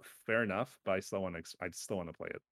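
A man co-hosting a casual chat about video games, rambling and correcting himself, with sudden animated bursts. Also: low-pitched, racing, gravelly, no room sound. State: has hiccups.

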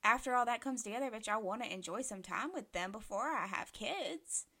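A woman's voice: on the high side, lively intonation, fairly quick, pushed and bright. A woman in her late twenties co-hosting a podcast, chatting casually, full of filler words and easy swearing. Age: late 20s. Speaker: podcast co-host. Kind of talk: casual chat.

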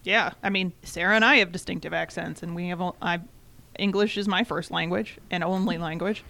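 A woman's voice: fairly low pitch, fairly even intonation, fairly quick, vocal fry, bright, forceful tone. A woman from Michigan co-hosting a casual chat, explaining things at length. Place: North Carolina.

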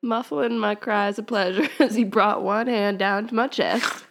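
A woman's voice: medium pitch, unhurried. A woman co-hosting a podcast, reading fan fiction aloud and often breaking into laughter and wry asides. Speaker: podcast co-host.

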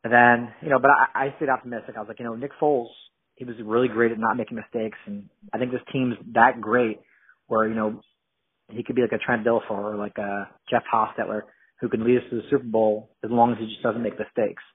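A man's voice: mid-range voice, little pitch movement, fast. A man from New Jersey, a guest in casual podcast chat, rambling with lots of fillers and restarts. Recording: narrow phone-like sound.

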